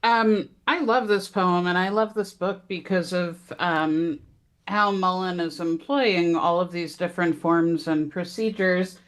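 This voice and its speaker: A woman's voice: on the low side, fairly even intonation, measured pace. Earnest woman in a seminar discussion. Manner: articulate, earnest. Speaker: seminar participant. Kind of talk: discussion with a read-aloud quotation.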